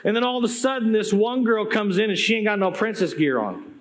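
A man preaching a sermon, telling stories in an animated, conversational way that swings between loud and hushed. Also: sits high, brisk. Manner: conversational, with asides to the audience.

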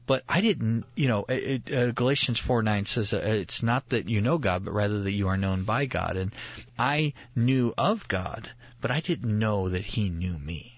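A man's voice: on the low side, normal speed, no echo. Guy talking faith casually, earnest, kinda muffled dry sound. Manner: earnest, animated storytelling with restarts.

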